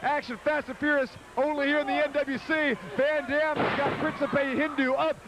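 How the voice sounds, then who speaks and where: A man calling wrestling play-by-play, rapid and hyped, shouting the big moments. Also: very high-pitched, flat delivery. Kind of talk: fast wrestling commentary. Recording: noisy 1990s TV broadcast.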